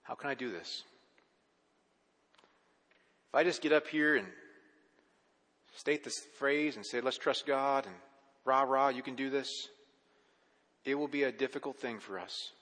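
A man's voice: mid-range voice, measured pace, long pauses, fairly bright tone, in a large hall. A man preaching a sermon as a pastor, talking conversationally with rhetorical questions and restarting words when he gets going.

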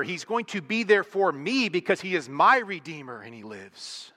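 A middle-aged man preaches with a bright, forceful voice, pressing hard on single words to drive each point home. He sounds earnest and emphatic throughout. His voice rings out with a long echo through a large church hall. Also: high-pitched, expressive, moderate pace, hardly any pauses. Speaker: pastor. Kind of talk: sermon.

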